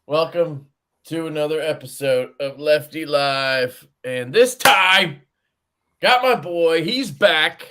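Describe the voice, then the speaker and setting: A man hosting a casual livestream, with a bright, forceful voice. He jokes crudely, swears freely and calls out viewers by name between bits of chat. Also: on the high side, slow, slight background noise. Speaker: host.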